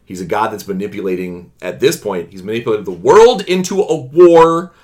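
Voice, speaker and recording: A man co-hosting a casual film review chat, animated and opinionated, swearing freely and restarting sentences. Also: on the low side, moderate pace. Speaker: podcast co-host.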